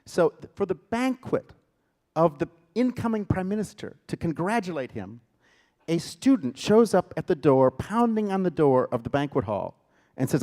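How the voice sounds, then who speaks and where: A man, a theater director, giving a lecture and retelling a story with dramatic emphasis and sudden loud bursts. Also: on the high side, very animated, moderate pace. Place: lecture hall.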